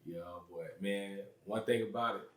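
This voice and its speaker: A laid-back man hosts a podcast, slangy and quick to laugh. His voice sits a little low. The room carries a roomy echo. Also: noisy background. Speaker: podcast host. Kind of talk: casual interview chat.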